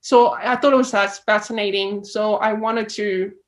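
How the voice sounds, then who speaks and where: A woman's voice: medium pitch, steady tone, moderate pace, poor audio. A woman with an Australian accent, a filmmaker guest chatting casually and acting out the reactions she quotes. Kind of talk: casual interview chat.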